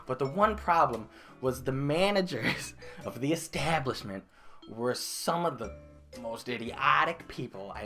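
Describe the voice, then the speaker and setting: Young man telling a comic story. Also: medium pitch. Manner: animated, bursts into loud exaggerated outbursts and laughs. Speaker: vlogger telling a work story. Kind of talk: comedic storytime monologue. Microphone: desk microphone.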